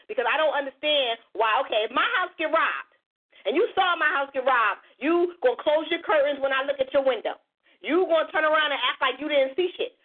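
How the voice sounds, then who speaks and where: A woman in her forties hosting a talk radio show, talking bluntly with profanity and passionate storytelling. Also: high voice. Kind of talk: casual talk radio chat. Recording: tinny phone-like sound.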